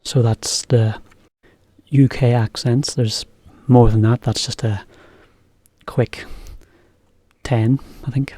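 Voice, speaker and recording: A man giving a relaxed, chatty English lesson and explaining things as he goes along. His voice is mellow and sits at a mid pitch. The recording is dry and close. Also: slow pace, no room sound. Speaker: English teacher. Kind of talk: casual video lesson.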